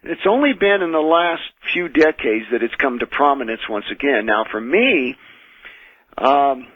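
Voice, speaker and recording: An American man speaks as a radio interview guest over a tinny phone line. His voice is slightly husky and dry, and he tells his stories earnestly, restarting phrases as he goes. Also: medium pitch, no room sound. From United States. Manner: measured, earnest storytelling with frequent restarts. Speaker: exorcist and minister, radio guest. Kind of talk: radio call-in interview, recounting experiences. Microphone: telephone.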